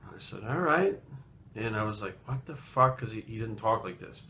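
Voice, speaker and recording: A man's voice: fairly low pitch, big pitch swings, moderate pace, bright, forceful tone. A man in his late thirties from Rhode Island, telling a personal story in a blunt, rambling way with lots of swearing. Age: late 30s. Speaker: fitness vlogger. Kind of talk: casual storytelling.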